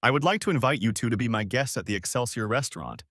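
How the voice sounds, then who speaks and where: A man's voice: medium pitch, lively intonation, quick pace, a bit bright, dry recording, clean studio sound. A man voicing a charming, wealthy male film star with a thick French accent. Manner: suave, courteous.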